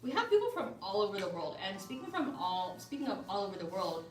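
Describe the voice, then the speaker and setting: An upbeat, chatty woman pitches hair products on a live stream, calling out to her viewers in a friendly, casual way. She sits a little back from the mic in an echoey room. A faint hum of ambience runs underneath. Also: big pitch swings, fast talker, darkish tone, distant mic. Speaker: livestream seller.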